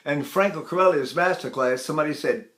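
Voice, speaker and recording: A man's voice: fairly high pitch, a little fast, a bit bright. Older male voice teacher, enthusiastic. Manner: enthusiastic, demonstrative, breaks into sung vowels and gasps. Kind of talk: vocal lesson with sung demonstrations.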